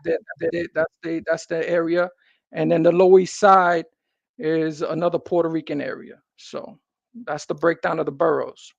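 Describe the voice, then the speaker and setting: New man, high-pitched, emphatic street talker; dry, muffled recording. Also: little pitch movement, normal speed, vocal fry, dry recording. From New York City. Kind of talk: casual conversation.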